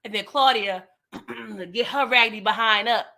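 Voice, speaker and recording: A woman recaps a TV episode in a loose, animated way. Her voice sits a little high and rings bright. She is full of slang and keeps talking straight to her audience. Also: normal speed, vocal fry. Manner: animated, slangy, chatty, talks straight to viewers. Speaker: TV recap host. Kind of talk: casual recap and review.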